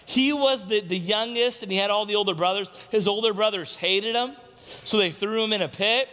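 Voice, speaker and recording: A man with a fairly high voice delivers a sermon from the pulpit. He asks the congregation questions and repeats his main points for emphasis. His voice carries a long hall reverb from the church sanctuary. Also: moderate pace, pushed and bright. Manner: preaching with rhetorical questions to the congregation; repeats key lines for emphasis. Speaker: pastor.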